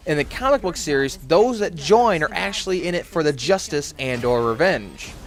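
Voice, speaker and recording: A man reads his film review from a script, his voice a little higher than most. He stays wry and sarcastic throughout, with an ironic lift on his jabs.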